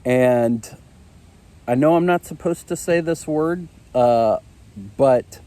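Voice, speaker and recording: Man in his thirties, marriage show host, slow delivery, mellow tone, candid, confessional, lots of fillers. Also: medium pitch. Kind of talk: candid personal storytelling.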